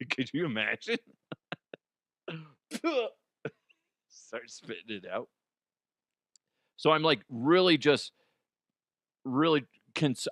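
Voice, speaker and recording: A man's voice: mid-range voice, a bit bright, no room sound, clean studio sound. A man hosting a comedy podcast, telling stories in a loose, profane way with stammered restarts. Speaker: podcast host. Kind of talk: comic storytelling.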